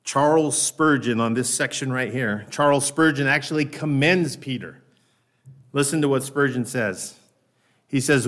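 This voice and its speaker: A man preaching a sermon in a conversational way. He often checks in with "right?", slows down on key words and raises his voice to act out lines. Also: medium pitch, fairly bright tone. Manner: raises his voice when acting out Peter's lines. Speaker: pastor.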